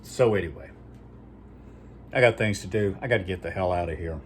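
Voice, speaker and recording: A man's voice: low voice, a little fast, a little hiss or hum. A man hosting his own video channel, rambling in a folksy, profane casual monologue before a sign-off. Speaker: vlog host.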